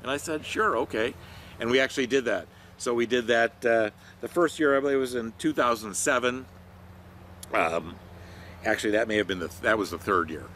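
A man's voice: medium pitch, fairly quick, a bit bright, slight background noise. An older man who works as a training consultant, telling stories about his career in a rambling, conversational way with many fillers. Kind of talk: reflective talk to camera.

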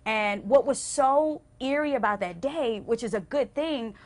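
A young adult woman singer telling stories as a TV interview guest, acting out quotes with big swings and going hushed when moved. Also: a little slow. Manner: expressive, acts out quotes with big pitch swings. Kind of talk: animated storytelling in a TV interview. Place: TV station interview.

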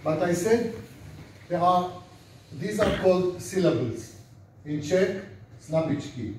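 An older Israeli rabbi gives an informal classroom lecture in an echoey room, his fairly high male voice darkish in tone, lively in intonation, and slow. He's chatty, puts questions to the class, and repeats words as a drill. The mic sits far off, picking up the lecture room's echo and faint noise.

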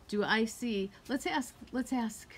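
A woman's voice: on the high side, slow pace, a little hiss or hum. A woman giving tarot readings on a casual live stream, chatty and effusive, with casual swearing. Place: at home on a live video call.

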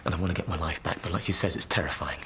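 A man's voice: deep voice, a bit bright, slight background noise. A stammering, frightened amnesiac man. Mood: anxious. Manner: hesitant, stammering, halting. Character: frightened male amnesiac patient, haunted and unsure. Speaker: amnesiac patient. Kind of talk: TV drama acting.

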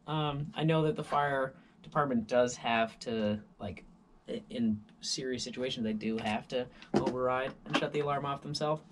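A man's voice: medium pitch, normal speed, background noise. A tired man vlogger telling a rambling story in a casual monologue, full of voices and sound effects.

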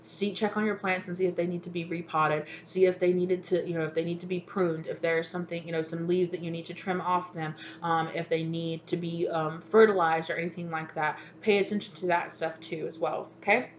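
Chatty low-voiced woman tarot reader. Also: steady tone, brisk, few pauses, a little hiss or hum. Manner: rambling, chatty, peppered with "you know" and "right?". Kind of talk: casual spiritual guidance talk.

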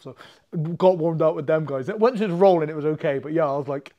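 Animated man telling stories. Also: fairly high pitch, fast. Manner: animated, swearing, acts out quoted exchanges. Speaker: guest, MMA fighter. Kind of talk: casual storytelling.

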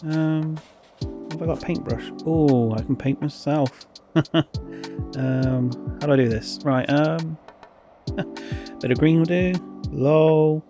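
A man giving excitable, rambling gameplay commentary, full of fillers and urgent chanting. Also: fairly high pitch, slow, long pauses, over music. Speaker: gaming YouTuber.

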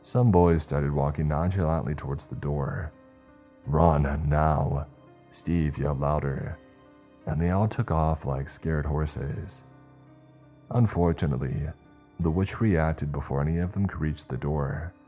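A man's voice: a bass voice, measured pace, dark tone, faint music behind. A man narrating a scripted horror story with dry, wry humour.

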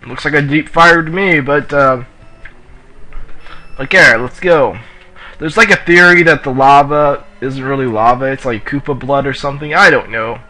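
A man giving casual let's play commentary while racing, excitable and yelling at the racers in the game, with a sore throat. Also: mid-range voice, moderate pace, poor audio. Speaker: gamer playing on his channel.

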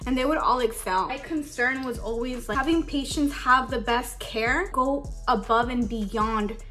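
A woman's voice: on the high side, measured pace, bright, forceful tone. Tearful young woman venting casually. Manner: emotional, holding back tears; casual, says "like" a lot. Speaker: beauty vlogger. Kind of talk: get-ready-with-me storytime.

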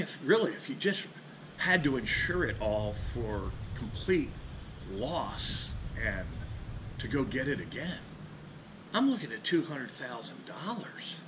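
A man with a drawl rants in a folksy, profane, no-nonsense way, talking straight into a camera mounted on his boat. He sits outdoors under a carport, his voice at an everyday middle pitch. Steady outdoor noise runs clearly under his talk. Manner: blunt, profane, ranting, folksy. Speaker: fishing charter captain and channel host. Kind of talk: casual ranting vlog. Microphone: camera mounted on the back of a boat.

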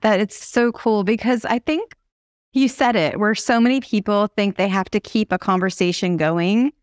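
A woman's voice: mid-range voice, dry recording, clean studio sound. A woman hosting a podcast, enthusiastic and affirming toward her guest. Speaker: podcast host. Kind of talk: casual podcast interview.

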